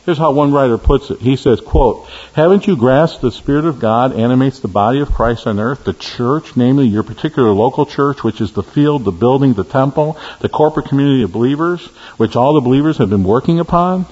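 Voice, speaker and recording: A man preaching a sermon, emphatic, swinging from stressed high peaks to low, quiet key words. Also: fairly quick, few pauses, slightly rough. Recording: lo-fi recording in a reverberant hall.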